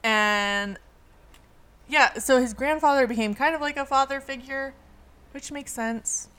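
A young woman co-hosting a podcast in casual chat, wry and quick to laugh, with lots of fillers. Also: high voice, a bit bright, clean tone. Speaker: podcast co-host.

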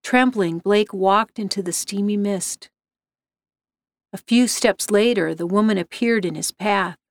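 A woman's voice: medium pitch, no room sound. Woman narrating a ghost story, dry sound. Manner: steady, measured reading.

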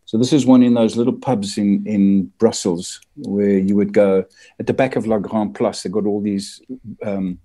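A man's voice: fairly low pitch, level tone, normal speed, dark tone. An older man who grew up in the Belgian Congo, telling rambling anecdotes as a guest in a casual interview. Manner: rambling anecdotes with frequent murmured agreement.

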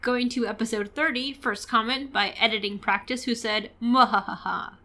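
Higher-voiced woman co-host, casual and chatty, laughs a lot. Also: steady tone, moderate pace, bright, forceful tone. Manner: giggly, chatty, laughs often. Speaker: podcast co-host. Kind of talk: casual podcast chat.

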